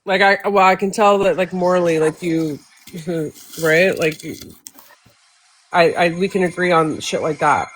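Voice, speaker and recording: Brief: low-pitched woman chatting on a live stream, halting and agreeable. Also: a little hiss or hum. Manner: hesitant, filler-heavy, agreeing. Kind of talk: casual live-stream chat.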